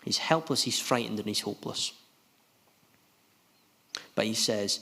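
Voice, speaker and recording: A man preaching a sermon in an earnest, halting way, often restarting his sentences. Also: fairly low pitch, pushed and bright. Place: gospel hall. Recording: long hall reverb.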